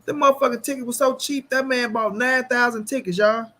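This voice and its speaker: A man hosting a boxing channel, ranting casually to the camera with profanity and mocking, repetitive jeers, swinging between loud bursts and mutters. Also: very high-pitched. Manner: animated, shifting quickly between loud and muttered. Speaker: boxing commentary channel host.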